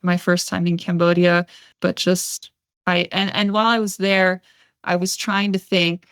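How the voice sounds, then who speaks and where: A woman telling her story as a podcast interview guest, chatty, with many fillers and lively quoted dialogue. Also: on the low side, a little slow, no room sound, studio quality.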